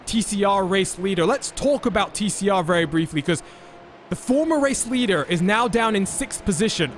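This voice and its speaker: A man calling live sim racing as lead commentator, with energetic play-by-play that he hands over to his co-commentators. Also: sits high, slight background noise.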